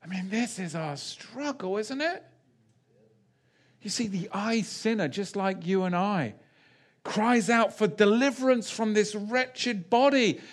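In this sermon, a man works through the text verse by verse, lingering on important phrases. His delivery is lively, with big swings in pitch and rhetorical questions thrown to the audience.

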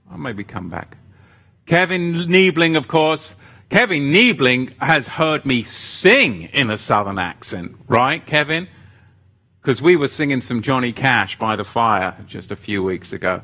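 A man's voice: fairly low pitch, bright, forceful tone. A man hosting a faith-themed livestream, chatting casually and reading out viewer comments in a loose, self-deprecating way, often trailing off mid-sentence. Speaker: livestream host of a faith show.

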